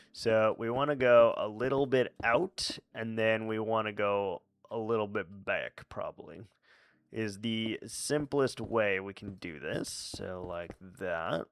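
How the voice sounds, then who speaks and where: A man's voice: lowish voice, clean tone, no echo. A man streaming a game, chatting casually with silly, playful asides and mutters. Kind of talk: casual gameplay commentary.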